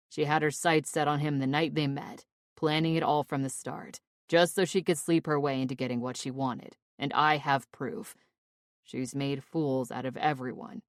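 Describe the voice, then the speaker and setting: Low-voiced woman narrating an audiobook. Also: no echo, clean studio sound. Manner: expressive, exasperated. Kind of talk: first-person audiobook narration.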